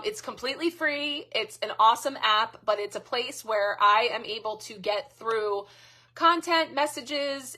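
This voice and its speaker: A woman's voice: a little high, pushed and bright. A middle-aged woman hosting a live card reading, chatting casually and thanking viewers by name. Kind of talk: casual live-stream chat.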